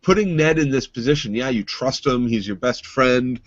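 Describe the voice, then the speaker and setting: A man's voice: medium pitch, expressive, normal speed. A man with a mid-range voice argues his point with rising heat, swearing freely in a casual podcast conversation. The sound is dry and close, with no room echo. It is also slightly dull. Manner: heated, swearing, emphatic opinions. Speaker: podcast co-host. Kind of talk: casual recap chat.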